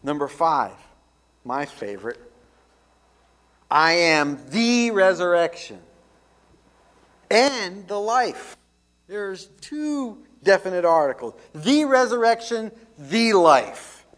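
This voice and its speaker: A man, a pastor, delivering a radio ministry sermon with emphatic, deliberate preaching that repeats key phrases. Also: sits high, sing-song, fairly bright tone.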